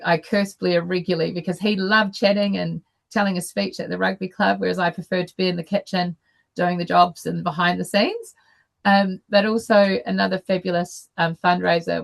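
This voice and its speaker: Low, gravelly-voiced New woman. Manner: unhurried, with many fillers and restarts. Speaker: guest speaker. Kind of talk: personal story told to an online meeting. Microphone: video call.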